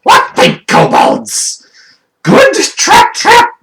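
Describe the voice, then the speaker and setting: A man voicing a loud, bossy kobold ringleader who announces to a crowd in slow, drawn-out bellows. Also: fairly low pitch, wildly swooping pitch, vocal fry, heavy background noise, full character voice. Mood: boisterous.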